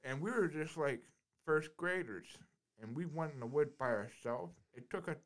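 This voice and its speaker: A man's voice: a little high, expressive, normal speed. A man telling a rambling childhood story in a casual chat, repeating himself and swearing.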